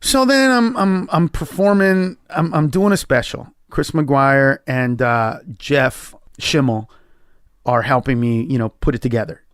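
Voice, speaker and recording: A man, a comedian guest on a podcast, telling a story in an emphatic, profane way and acting out quoted lines with sudden jumps in pitch. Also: a little slow, a bit bright, clean tone, no room sound, clean studio sound.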